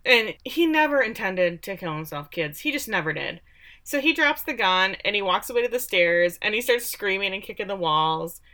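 Woman from texas, bright voice, sarcastic, animated recap, casual podcast chat. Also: mid-range voice, normal speed. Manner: sarcastic, animated retelling with acted-out quotes. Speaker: podcast co-host recapping a show.

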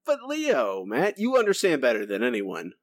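Playful, animated man co-hosting a podcast. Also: medium pitch, moderate pace, dry recording, studio quality. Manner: playful, teasing, prods his co-host. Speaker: podcast co-host. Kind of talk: casual chat.

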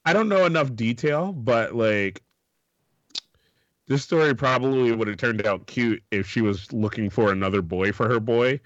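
A man's voice: mid-range voice, normal speed, dry recording, muffled recording. A man co-hosting a podcast, chatting casually, laughing often and acting out the people he quotes. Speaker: podcast co-host. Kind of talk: casual chat.

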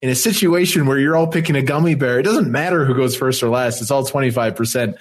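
A man with a mid-pitched voice talks in a lively, animated way as a podcast co-host. He jumps in with opinions and exclamations in quick, casual chat.

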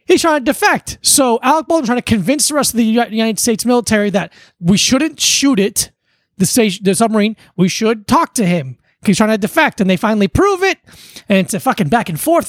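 Casting: male podcast co-host, bouncy lively delivery, dry close sound, loose and swearing. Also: very high voice, fast, no echo. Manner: animated, swearing, retelling movie scenes. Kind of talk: casual chat.

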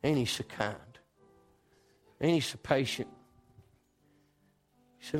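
Folksy preacher, soft music behind. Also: male voice, medium pitch, takes it slowly. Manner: folksy storytelling, swings between loud and hushed. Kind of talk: sermon.

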